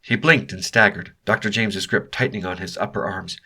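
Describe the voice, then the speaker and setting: A man reading an audiobook as narrator, telling the story in an even, steady way. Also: lowish voice, brisk, husky. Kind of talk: scripted narration.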